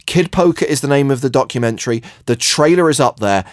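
Male podcast co-host, deadpan, dry close sound, middle pitch. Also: a little fast, dry recording. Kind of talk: casual chat.

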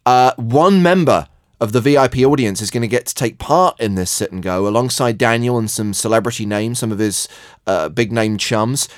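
A man co-hosting a podcast, running through event details with dry, deadpan humor. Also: medium pitch, normal speed, no room sound. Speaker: podcast co-host. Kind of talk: casual chat.

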